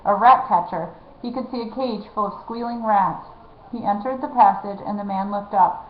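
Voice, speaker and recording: Woman narrator, lively storybook reading, lo-fi dull recording. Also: medium pitch, normal speed. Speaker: reader. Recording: echoey, dull lo-fi room.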